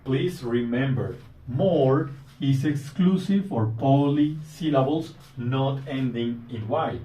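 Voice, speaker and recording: A man giving a recorded grammar lesson, explaining deliberately step by step and repeating simple examples. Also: mid-range voice, warm tone. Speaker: English teacher. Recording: echoey room, mic at a distance, faint noise.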